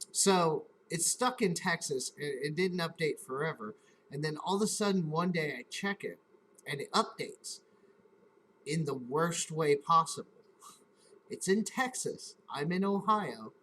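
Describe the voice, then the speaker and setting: A man's voice: a little high, pushed and bright, slight background noise, rough recording. A man hosting a live stream, casually telling a rambling, profane story and acting out his own reactions in quotes.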